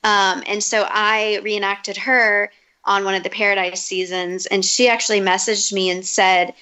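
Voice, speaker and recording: A young adult woman chatting as a podcast guest, upbeat and talkative with quick asides. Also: mid-range voice, little pitch movement, sharp tone, smooth, low-quality recording. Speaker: podcast guest, comedic video creator. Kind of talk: casual podcast chat.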